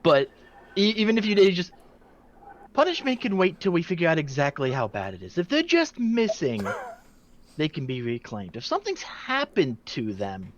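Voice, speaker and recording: A man's voice: fairly high pitch, huge pitch swings, normal speed, muffled recording, slight background noise. A man playing a tabletop role-playing game, narrating the action and slipping into a character voice.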